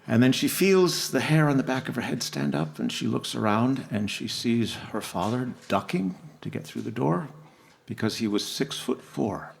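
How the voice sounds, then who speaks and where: A man telling a gentle family story between songs at a live concert, unhurried and soft-spoken. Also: mid-range voice, lively intonation, gravelly. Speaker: singer telling a story on stage. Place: live music venue.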